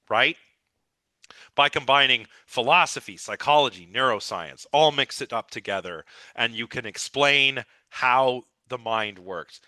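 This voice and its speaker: A man's voice: mid-range voice, unhurried, sharp tone, no room sound. A man lecturing a live philosophy class with eager, rambling enthusiasm, his voice a little scratchy. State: slightly scratchy voice.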